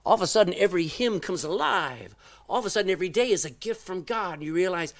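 Middle-aged guy preaching, voice jumps all over, big swings loud to quiet. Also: high-pitched, quick pace, vocal fry. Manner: animated storytelling, swings from loud exclamations to quiet asides. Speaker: pastor. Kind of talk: sermon.

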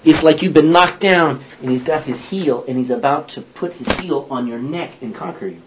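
Leading a relaxed Bible study, a man recounts the stories chattily, voicing the lines, laughing and making self-corrections. His voice is a little high and his pace moderate, with some hiss or hum audible.

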